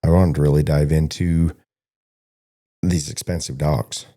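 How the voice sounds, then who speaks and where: A man's voice: rumbling low, level tone, measured pace, dark tone. A man co-hosting a casual podcast about stockdog training, telling long rambling stories and acting out the conversations he quotes. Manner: rambling storyteller who acts out quoted conversations.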